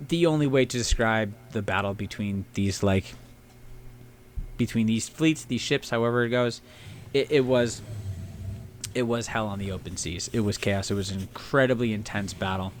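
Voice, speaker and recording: This is a history podcast co-host with a lowish voice, talking at normal speed over slight background noise. His storytelling is casual, rambling, and full of swearing, and he does silly shouting impressions of historical figures.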